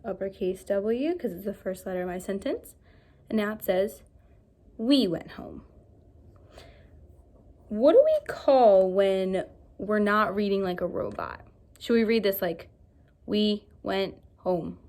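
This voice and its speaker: A woman teaching an early-grade reading lesson, speaking slowly and clearly with lively questions for the children. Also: medium pitch. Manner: animated, slow and clear, asks pupils questions.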